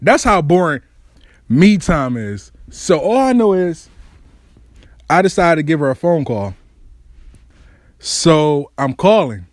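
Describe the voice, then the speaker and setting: Animated, profane young man telling a story. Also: fairly high pitch, unhurried, dry recording, clean studio sound. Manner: animated, profane, acts out quotes. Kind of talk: comedic personal storytelling.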